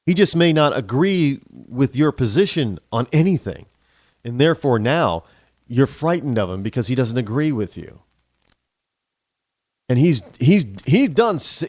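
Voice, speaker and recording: A man's voice: on the high side, very animated, normal speed, darkish tone, dry recording, studio quality. A male talk show host delivering a sarcastic, ranting opinion monologue, switching into mock voices.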